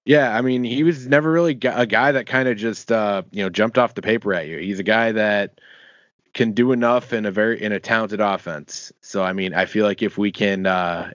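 A man talking football casually on a podcast, halting and filling gaps with "you know". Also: on the low side, no echo. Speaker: sports podcast co-host. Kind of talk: casual sports chat. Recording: dry, dull lo-fi audio.

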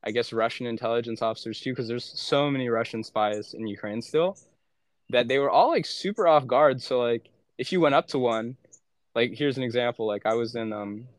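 Young male podcast guest, casual rambling storyteller, mid-pitched, dead-dry close mic. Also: a little fast, no room sound. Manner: rambling, heavy "like" fillers, frequent swearing. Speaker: podcast guest, former aid worker. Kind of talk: casual chat.

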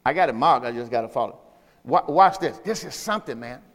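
A man's voice: medium pitch, lively intonation, fairly quick, big-room sound. A middle-aged man preaching a sermon as pastor, reading scripture aloud and calling out to the congregation. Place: church sanctuary.

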